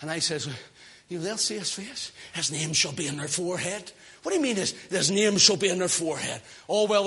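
A man from the British Isles preaching a fiery sermon in a church, swinging from hushed talk to shouted praise. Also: sits high, slightly rough.

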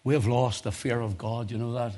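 A male preacher delivering a fervent sermon, swinging from loud emotional crescendos to low, intense tones. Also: fairly even intonation, fairly quick.

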